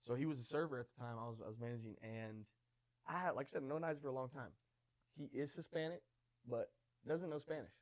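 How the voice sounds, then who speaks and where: Fast-talking young man telling stories. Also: medium pitch. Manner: animated storyteller, acts out quoted voices. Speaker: podcast guest. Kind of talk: casual storytelling.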